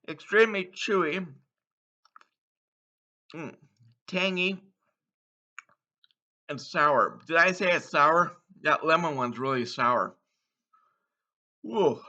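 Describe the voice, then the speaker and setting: A man taste-testing candy in a casual vlog, exuberant, letting out whoops between slow, savoring remarks. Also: on the high side, animated, sharp tone, muffled recording. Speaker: candy taste-test vlogger. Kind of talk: casual taste-test commentary.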